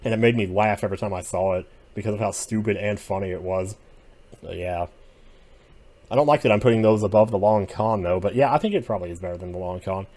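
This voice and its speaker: A man giving casual solo commentary as he ranks TV episodes, rambling and opinionated, drifting between quiet muttering and sudden outbursts. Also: fairly low pitch, fast. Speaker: video creator ranking TV episodes.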